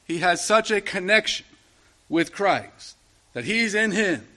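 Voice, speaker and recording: A man's voice: sits high, animated, slow, sharp tone. A middle-aged man preaching a sermon in a conversational way, asking the listeners question after question.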